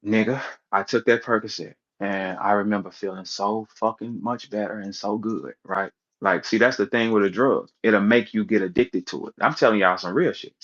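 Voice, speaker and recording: A man's voice: lowish voice, moderate pace, few pauses. Profane man ranting on lo-fi audio. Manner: blunt, profane, emphatic, rhetorical questions. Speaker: commentator. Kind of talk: animated commentary rant.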